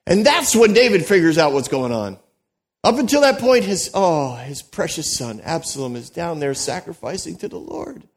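Guy with a high voice preaching, tells the story animated, lots of restarts and little asides. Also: moderate pace. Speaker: pastor. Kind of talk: sermon.

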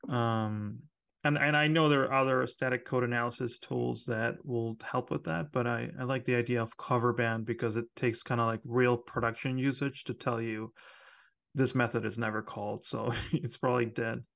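A man co-hosting a podcast, talking shop in a relaxed, chatty way with lots of fillers and quick laughs. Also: medium pitch, vocal fry. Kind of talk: casual technical chat.

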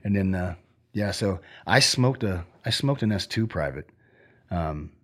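A man's voice: deep voice, expressive, unhurried. A middle-aged man, a former Army sergeant, telling stories in a casual interview, rambling with many fillers and restarts.

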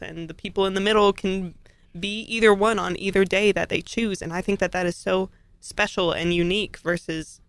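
A young woman in her twenties with a naturally deep voice, chatting casually on a podcast in a relaxed, thoughtful way. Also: dry recording.

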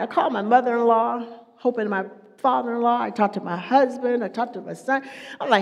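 A middle-aged woman preaching a sermon, moving between hushed whispers and loud, emphatic passages. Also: on the high side, a little fast, vocal fry. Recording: long echoey hall reverb.

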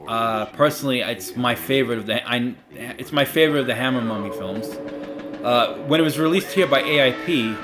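A man's voice: mid-range voice, brisk, over music. A man with a New York accent chatting on a film commentary track, with frequent fillers. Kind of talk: casual commentary-track chat.

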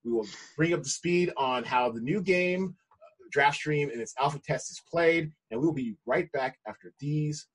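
American guy cohosting a movie podcast, a bit breathy, kinda high voice, chatty and stumbly. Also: moderate pace. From United States. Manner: chatty, restarts a lot. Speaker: podcast co-host. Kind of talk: casual podcast chat.

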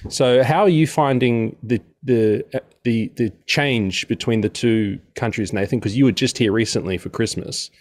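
An interview host with a mid-range, slightly mellow voice speaks at a moderate pace with no echo. He introduces his guest and asks friendly, rambling questions filled with fillers.

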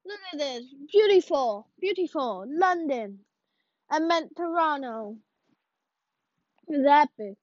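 A woman giving casual, rambling commentary while playing, excitable and mock-ranting. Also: high voice, takes it slowly, long pauses, dry recording. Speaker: video creator. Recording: dull lo-fi audio.

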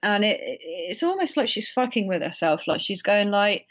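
A woman's voice: mid-range voice, big pitch swings, moderate pace, hardly any pauses, fairly bright tone, highs cut off. A woman co-hosting a casual film discussion, rambling a bit with fillers and restarts.

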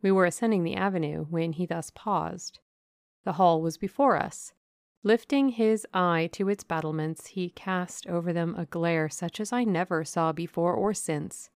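A woman narrating a classic novel as an audiobook, in a measured, deliberate reading. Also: fairly low pitch, no room sound, studio quality.

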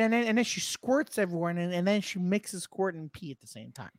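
A man's voice: sits high, sing-song, fast, no echo. A man co-hosting a casual, crude comedy podcast, rambling through stories and laughing often. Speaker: podcast co-host.

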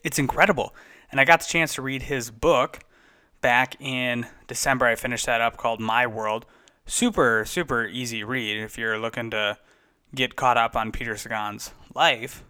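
A man's voice: mid-range voice, fairly even intonation, normal speed, bright, forceful tone, clear, resonant tone. A man casually recapping bike races as a podcast host, chatty and enthusiastic, sometimes correcting himself. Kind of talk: casual race recap commentary.

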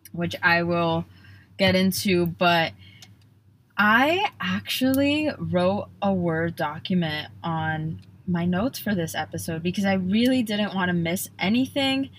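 A woman's voice: lowish voice, a little hiss or hum. Bubbly young woman hosting a podcast. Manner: bubbly, rambling, self-interrupting. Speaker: podcast host. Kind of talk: casual solo podcast chat.

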